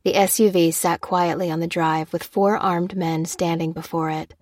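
Woman reading a thriller audiobook, lowish voice, steady, super dry close mic. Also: normal speed, no room sound. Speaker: narrator.

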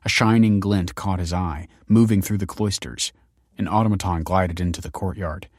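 A man narrates an audiobook with a very low, steady voice. The recording is close and dry, with no room sound. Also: moderate pace, no echo.

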